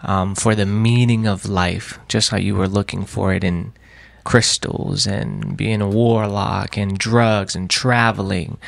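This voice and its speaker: A man interviewing a guest, asking gentle, brief questions with a few fillers. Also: fairly low pitch, steady tone, unhurried, creaky, no room sound.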